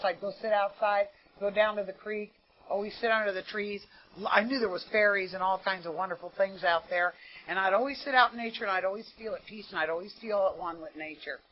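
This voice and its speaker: An American woman giving an earnest, conversational recovery testimony at a meeting, often saying "you know". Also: mid-range voice. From United States. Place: meeting room. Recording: dull lo-fi meeting tape.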